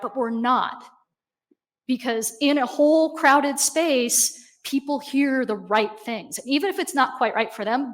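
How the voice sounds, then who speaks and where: A woman giving a conversational, animated conference talk, often checking in with the audience. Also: high voice. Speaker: conference speaker. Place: conference stage.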